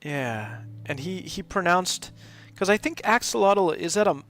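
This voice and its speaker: A man with a high, fairly bright voice and big pitch swings hosts a live gaming stream, taking his time as he rambles casually through gameplay commentary. He often breaks into laughter.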